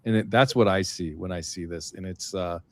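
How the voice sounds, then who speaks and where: Halting, earnest man co-host. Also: sits low, no room sound. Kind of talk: casual political chat.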